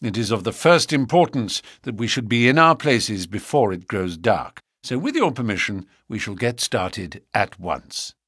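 A man reading an audiobook, voicing a confident, theatrical gentleman detective who speaks in a measured, persuasive and gently lofty way. He stays close to his own reading voice. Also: lowish voice, expressive, slightly rough, no echo, full character voice.

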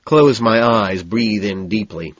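A man narrating a novel in the first person, in a cool, measured, deadpan manner. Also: lowish voice, no echo, muffled recording. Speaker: audiobook narrator.

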